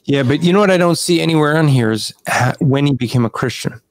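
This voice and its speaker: A man hosting a casual online discussion over a video call, talking at length, restarting sentences and clearing his throat. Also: a little high, fast talker, dry recording. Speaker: podcast host.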